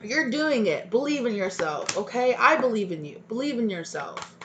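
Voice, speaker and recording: A woman's voice: fairly high pitch, big pitch swings, moderate pace. Woman, tarot reader, encouraging, repeats herself, emotional, faint hum behind. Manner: emphatic and encouraging, repeats "right?" and "okay?"; spiritual, emotional, sometimes near tears. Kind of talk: pick-a-card tarot reading to viewers.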